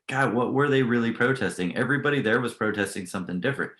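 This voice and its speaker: Low voiced guy ranting his opinions, echoey room sound. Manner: animated, blunt opinion talk. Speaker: co-host. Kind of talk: casual panel chat.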